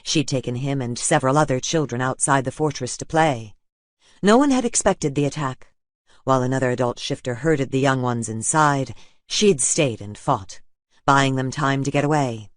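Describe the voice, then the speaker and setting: A man reading a fantasy audiobook in a steady, even narration. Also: medium pitch, moderate pace, no room sound, studio quality.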